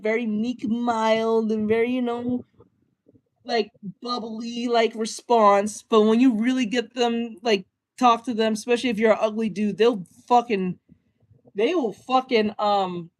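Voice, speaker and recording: A man's voice: very high-pitched, steady tone, unhurried. Crude, blunt man ranting in reaction commentary. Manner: blunt, crude, laughs at his own jokes. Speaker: streamer reacting to a clip.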